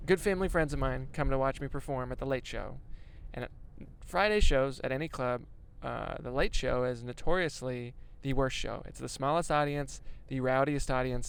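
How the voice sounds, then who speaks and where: A man's voice: medium pitch, smooth. A young man, a stand-up comedian, chatting casually and rambling with self-deprecating jokes and swearing while he drives a van. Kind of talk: casual vlog chat while driving. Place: inside a moving van.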